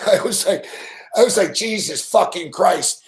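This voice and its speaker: Profane, animated betting show host. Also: male voice, sits high, slow pace. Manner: profane, animated storytelling with mock outbursts. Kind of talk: live late-night betting commentary.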